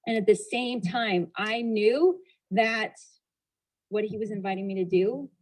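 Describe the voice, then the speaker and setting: A woman speaker sharing a personal story with an audience. Her voice sits at a middle pitch. She shifts pace and loudness freely as she tells it, and she laughs at herself along the way. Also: unhurried, rough recording. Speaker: motivational speaker.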